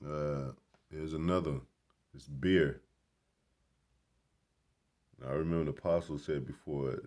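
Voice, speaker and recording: A man's voice: a bass voice, fairly even intonation, slow pace, long pauses, darkish tone. A man in a casual, rambling vlog commentary at a grocery store. He talks in an emphatic, preachy and blunt way and swears freely. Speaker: vlogger.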